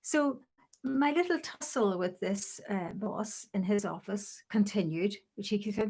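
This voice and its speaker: An older woman telling her memories in an interview, lively and often laughing. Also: medium pitch, measured pace, husky. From Northern Ireland. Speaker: guest. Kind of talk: storytelling interview.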